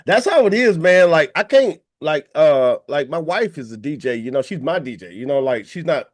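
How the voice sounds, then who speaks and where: A man's voice: fairly high pitch, expressive, normal speed, no echo, clean studio sound. A man hosting a hip-hop radio show, chatting loosely with slang and hyping up his guest. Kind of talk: casual interview chat.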